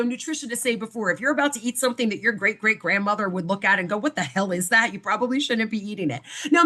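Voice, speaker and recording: A woman hosting a wellness podcast, talking casually with lots of fillers and playful cursing. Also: fairly high pitch. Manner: chatty, animated storyteller with many fillers; playful cursing, voices quoted relatives. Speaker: podcast host.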